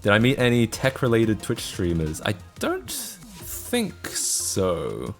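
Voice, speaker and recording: Soft music plays behind a weary young Australian man who talks loosely with his stream viewers. He speaks slowly in a fairly low voice with huge swings in pitch, rambling, laughing a lot, and constantly restarting with fillers.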